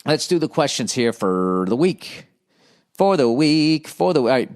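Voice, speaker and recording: A man's voice: mid-range voice, very animated, measured pace. Man ranting profanely on a podcast. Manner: profane, exasperated. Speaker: podcast host. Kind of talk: comedic podcast rant.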